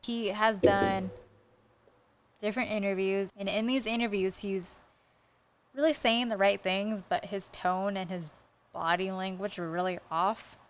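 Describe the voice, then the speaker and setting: A woman co-hosting a casual true-crime podcast, blunt and quick to swear. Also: medium pitch, steady tone, a little hiss or hum. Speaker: podcast co-host.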